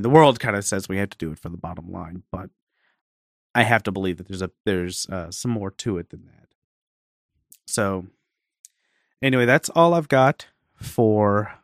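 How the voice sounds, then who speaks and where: A man co-hosts a podcast and talks earnestly, restarting his sentences as he goes. His voice is low. The sound is dry and close. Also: no room sound. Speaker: podcast co-host. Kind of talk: casual podcast talk.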